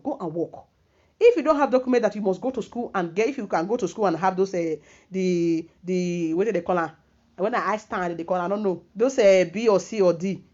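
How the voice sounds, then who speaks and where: A woman's voice: mid-range voice, a little mellow. A middle-aged woman with a Nigerian accent giving earnest advice in a casual vlog, lecturing and mixing pidgin with English. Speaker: vlogger. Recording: dull lo-fi recording.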